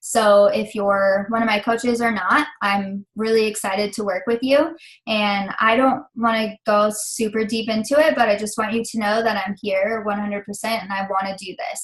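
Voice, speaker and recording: On a rough recording, a young woman with a mid-range voice leads a team call as its leader. Emotional and close to tears, she rambles through a pep talk full of fillers, encouraging her team.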